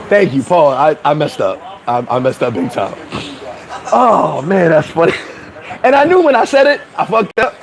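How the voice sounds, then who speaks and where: Profane, animated New man ranting. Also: sits high, unhurried, pauses often. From New York. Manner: blunt, profane, animated, laughs at himself. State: sweating in the heat. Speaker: vlogger talking to live chat. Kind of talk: casual livestream rant. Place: hot corner, Caribbean town.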